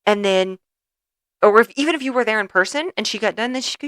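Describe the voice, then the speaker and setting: A woman's voice: on the high side, fast talker, a bit bright, no echo. A young woman co-hosting a podcast in casual chat, playful and teasing as she tells stories. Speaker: podcast co-host.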